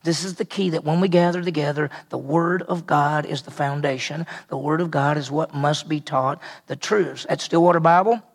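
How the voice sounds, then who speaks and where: A man preaching an expository sermon as pastor, unhurried and emphatic, repeating key phrases for weight. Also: on the high side, gravelly.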